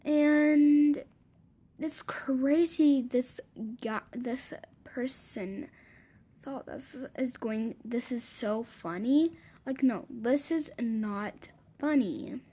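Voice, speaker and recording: A woman's voice: a little high, dark tone. A woman telling a casual storytime, rambling and repeating herself, restarting sentences and slipping into whispered asides.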